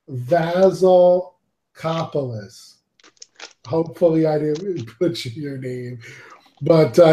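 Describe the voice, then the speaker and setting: A man hosting a casual collectors' panel talk, relaxed and laughing easily as he gives shout-outs. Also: a little high, slight background noise. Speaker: podcast host. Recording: roomy echo.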